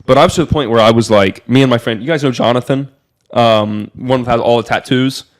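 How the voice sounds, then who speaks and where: A young man from Miami tells a story on a podcast in loose, casual talk. He is excitable and rambling, and fills every pause with "like". His voice sits at an ordinary middle pitch for a man. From Miami, USA. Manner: excitable and rambling, heavy use of filler "like". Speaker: podcast guest telling a story.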